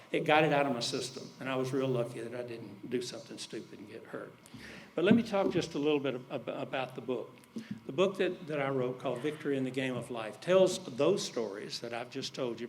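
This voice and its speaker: A man's voice: expressive, fairly quick, a little hiss or hum. Folksy older man telling stories. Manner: folksy, drops low to quote others. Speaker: speaker at an alumni event. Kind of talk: storytelling speech.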